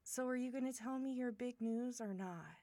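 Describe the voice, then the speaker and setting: A woman with a slightly high, gravelly voice speaks slowly and teasingly to someone who never answers. She plays a friend's older sister in an audio role-play monologue. The sound is close and dry. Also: dark tone, no echo. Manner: teasing, affectionate, talks to a silent listener.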